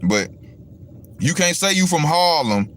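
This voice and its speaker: He speaks at a fairly high pitch, very animated yet unhurried, with a somewhat bright sound. As host of a casual boxing stream, he wanders from point to point, swearing and talking straight to viewers.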